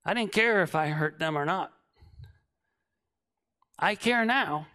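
A man in his late thirties preaching, telling a comic story that swings from shouting to hushed. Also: high-pitched, expressive, slow pace. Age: 30s.

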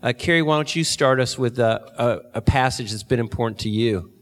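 Calm man moderating a church panel. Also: medium pitch, brisk, big-room sound.

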